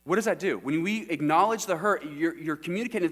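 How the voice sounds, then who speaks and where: Middle-aged pastor guy preaching, keeps asking the church questions, voice on the higher side, hum in the back. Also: quick pace. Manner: asks the congregation frequent questions. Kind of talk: sermon. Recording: church sermon recording with mains hum.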